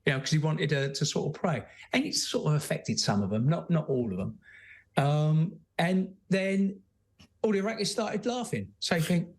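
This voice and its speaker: A man's voice: fairly high pitch, lively intonation, moderate pace. A man, a guest telling his story bluntly, with many fillers and restarts. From London, England. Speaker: guest, former soldier and author. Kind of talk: candid conversational storytelling.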